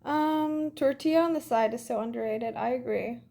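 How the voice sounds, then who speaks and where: A woman's voice: on the high side, moderate pace, vocal fry, warm tone. A young woman chatting casually on a phone livestream and reading fan comments, a bit congested, breezy and full of "like" and "literally".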